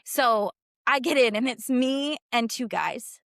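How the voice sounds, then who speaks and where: A young woman from Canada co-hosts a casual chat podcast, spinning stories animatedly and acting out every quote. Her voice sits high and ranges widely. The sound is dry and close, with no room around it. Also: slow pace, creaky, no room sound. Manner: animated storyteller, acts out quotes with laughs. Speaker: podcast co-host.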